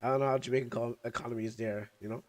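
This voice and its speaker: A man's voice: medium pitch, steady tone, racing. Sick young man rambling with candy in mouth. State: sick, coughing, recovering lungs. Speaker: streamer. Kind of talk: casual livestream chat.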